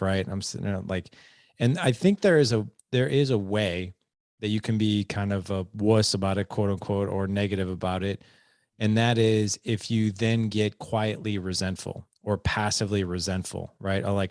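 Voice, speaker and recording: A man hosting a podcast in casual conversation, animated as he acts out quoted dialogue. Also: lowish voice, normal speed, dry recording, clean studio sound. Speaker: podcast host.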